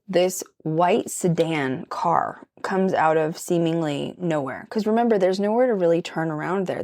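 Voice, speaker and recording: A woman's voice: lowish voice, a little mellow. Chatty woman telling ghost stories. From Colorado. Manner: chatty, emphatic, many "like" and "okay?" asides. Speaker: paranormal vlogger. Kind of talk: casual storytelling while doing makeup.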